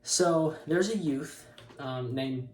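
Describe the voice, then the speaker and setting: Animated young man, roomy far-off sound. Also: fairly high pitch, slow, slight background noise. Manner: animated, self-mocking, laughs often. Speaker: co-host of a couple's channel. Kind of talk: casual storytelling to camera.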